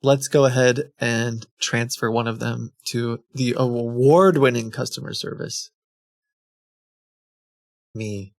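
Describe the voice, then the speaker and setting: A man's voice: medium pitch, steady tone, takes it slowly, gravelly, pauses often, no echo. A man hosting a stream, chatting casually in a rambling, self-interrupting way and laughing at himself. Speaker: streamer host. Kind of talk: casual chat.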